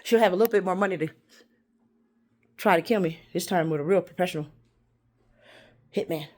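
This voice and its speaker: A woman vlogging a rambling, confrontational monologue, swinging between loud outbursts and hushed whispers. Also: fairly low pitch, brisk. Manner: confrontational, addresses unseen listeners.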